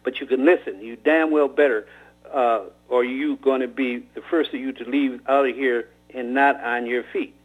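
A man's voice: medium pitch, steady tone, normal speed, natural voice. A man voicing a stern, angry old man scolding two young robbers, heard over a tinny phone-like radio line. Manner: scolding, commanding.

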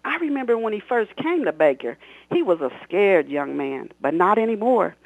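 Reading from his novel on a radio talk show, an author brings the scene to life and shouts his characters' lines, then moves into conversation about it. He has a high, creaky voice at a moderate pace, heard over a tinny, dry phone line.

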